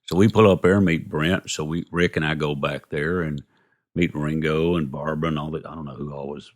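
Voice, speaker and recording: A man's voice: rumbling low, fairly even intonation, a little fast. A man from Texas, a guest telling rambling anecdotes and acting out the dialogue. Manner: rambling, retells dialogue with "I go" and "he goes". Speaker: interview guest. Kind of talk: casual anecdotal storytelling.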